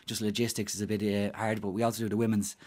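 A man's voice: on the low side, little pitch movement, fast, a little mellow. A man with an Irish accent, a volunteer mascot performer, talking upbeat and rambling as a radio guest. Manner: rambling, upbeat, many fillers and restarts. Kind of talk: casual radio interview guest.

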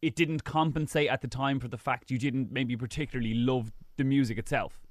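A man's voice: medium pitch, fairly even intonation, a little fast, no echo. A man with an Irish accent hosting a radio interview, playful, teasing and enthusiastic. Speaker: radio host. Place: radio studio. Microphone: studio microphone.

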